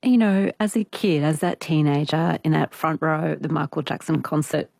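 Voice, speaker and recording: A woman's voice: low voice, steady tone, moderate pace, vocal fry, darkish tone, dry recording. A woman interviewer asking long, probing and empathetic questions. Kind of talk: conversational interview.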